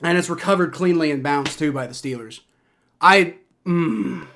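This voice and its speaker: A young man calling a football game live as he watches it, his voice bright and cutting with a slightly high pitch. He reacts loudly to every play, swears freely and fills the gaps with casual chatter. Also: normal speed. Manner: excitable, swears, reacts to plays aloud.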